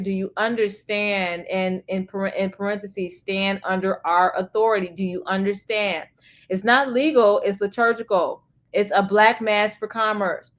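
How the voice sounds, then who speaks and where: A woman streaming solo, reading chatbot answers aloud in an earnest, emphatic way and adding her own remarks, with hesitant fillers between passages. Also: mid-range voice.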